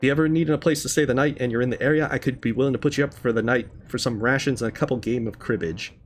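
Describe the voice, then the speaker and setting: A man's voice: medium pitch, animated, a little fast, soft background music, natural voice. A man reading the lines of a friendly, rambling old male hermit in his own plain voice, with no accent put on.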